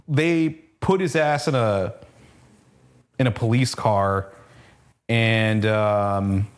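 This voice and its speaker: A man co-hosting a comic podcast, recapping a comic in a rambling, profane, casual way and briefly acting out characters' lines. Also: lowish voice. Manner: rambling, swears freely, acts out cops' lines in passing. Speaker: comic book podcast co-host.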